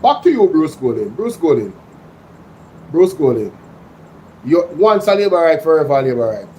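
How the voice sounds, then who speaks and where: Jamaican man, livestream host, slightly high voice, excitable, mixes in patois, faint background hum. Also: moderate pace, low-quality recording. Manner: excitable, slips into patois, addresses chat directly. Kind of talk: casual livestream commentary reading chat.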